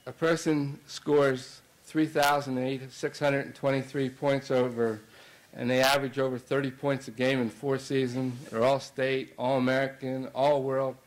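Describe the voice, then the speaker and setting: A man's voice: mid-range voice, low-quality recording. A middle-aged man, a basketball coach, telling a long anecdote in a banquet speech, with many fillers and restarts. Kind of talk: anecdotal after-dinner speech.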